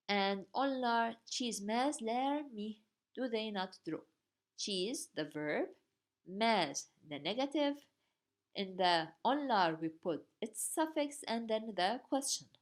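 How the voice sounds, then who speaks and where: A woman teaching a grammar lesson, patiently spelling out each form step by step. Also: medium pitch. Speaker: language teacher.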